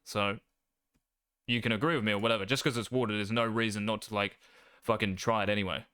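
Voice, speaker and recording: A man's voice: fairly low pitch, steady tone, a little fast, a bit bright, clean tone, no room sound, clean studio sound. A young adult man, casually coaching gameplay, brash and cocky, swearing freely.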